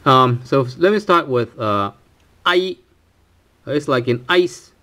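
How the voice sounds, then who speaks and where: A man's voice: medium pitch, lively intonation, a little slow, sharp tone. A male teacher walks through a pronunciation lesson, stopping often with fillers and checking in with "right?" He repeats each sound several times so learners can copy it. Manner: hesitant, many fillers and tag questions, repeats sounds for practice. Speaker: language teacher.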